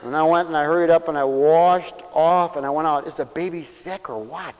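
A male preacher giving a sermon for radio, animated and swinging from loud exclamations to hushed tones. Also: fairly high pitch, fairly quick. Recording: dull, echoey church recording.

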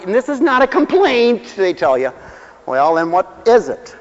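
An older man gives a folksy, joking sermon, dropping into quiet asides and then building to loud exclamations. His voice sits high for a man. The recording is dull and lo-fi, with a long reverb tail from the hall. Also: very animated, moderate pace. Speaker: pastor.

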